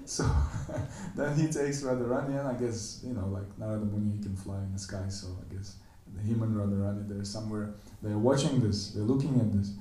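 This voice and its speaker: A man giving a temple lecture, animatedly telling a story and acting out the characters' quoted lines in a higher voice. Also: steady tone, a little fast, dark tone, slight background noise. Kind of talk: storytelling sermon. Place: temple hall. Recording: echoey room, voice from a distance.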